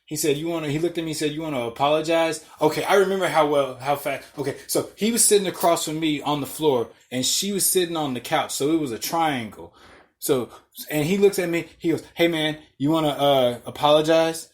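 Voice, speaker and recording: A podcast host telling a long story in casual, profane talk, acting out the lines of the people in it. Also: male voice, fairly high pitch, fairly quick. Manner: profane, animated, reenacts dialogue.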